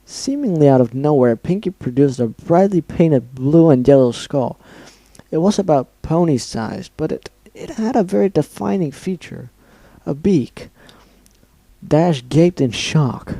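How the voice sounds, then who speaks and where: Young man stumbling through a dark story reading. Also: a little high, animated, measured pace, dry recording, poor audio. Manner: stumbling over words, self-correcting. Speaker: fan fiction reader. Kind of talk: amateur dramatic reading.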